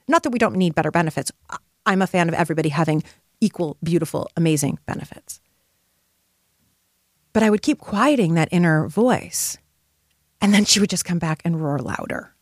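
A woman's voice: a little high, brisk, dry recording, studio quality. A middle-aged woman hosting a motivational podcast, speaking in an impassioned, emphatic, spiritual way. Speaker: podcast host.

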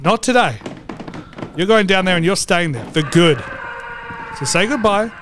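A man's voice: sits high, expressive, moderate pace, background noise. A man hosting a comedic racing preview vlog, brash, profane and theatrical. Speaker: host.

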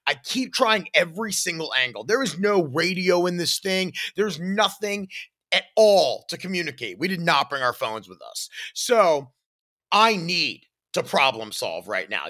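With a voice that sits high, a man on his podcast tells a personal story energetically, voicing his own yells and sound effects.

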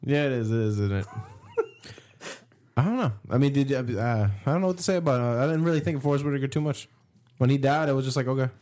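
Casting: man, mid-pitched, laid-back and dry, casual movie chat. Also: fast, darkish tone.

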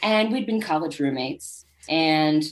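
A woman's voice: sits low, unhurried. A woman guest author telling candid, wry anecdotes in a casual interview. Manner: acts out quoted people in lively voices.

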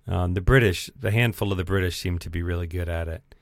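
A man's voice: sits low, fast talker, dry recording, studio quality. A man co-hosting a podcast, chatting casually and with opinions in a film review. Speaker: podcast co-host.

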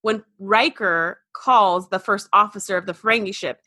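A woman in her forties co-hosting a casual podcast chat, animated and quick to laugh, often restarting her sentences. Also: mid-range voice, slightly rough, dry recording. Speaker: podcast co-host.

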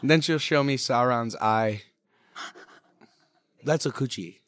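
A young man talking as a guest in a casual, joking interview, laid-back and quick to laugh, swearing often and answering with a polite "yes, ma'am". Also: mid-range voice, a bit bright, no room sound, clean studio sound.

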